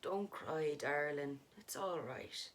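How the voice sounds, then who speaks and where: A woman voicing a dead husband who speaks calmly and patiently to his frightened wife. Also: deep voice, takes it slowly, slight background noise, voice pushed down. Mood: soothing. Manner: soothing, patient. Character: calm ghostly husband, gentle and soothing. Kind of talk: dramatic story reading.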